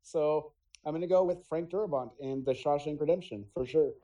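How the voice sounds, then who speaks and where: A man chatting on a podcast panel, his voice mellow and sitting slightly high. He is blunt and swears freely, telling his stories with real enthusiasm. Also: fast talker, highs cut off. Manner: blunt and profane, enthusiastic storyteller. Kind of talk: casual chat.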